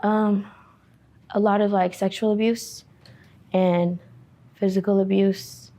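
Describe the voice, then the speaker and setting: Woman interviewee, dark mellow tone, monotone, halting testimony. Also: mid-range voice. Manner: halting, many fillers, quiet and subdued. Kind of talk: personal testimony.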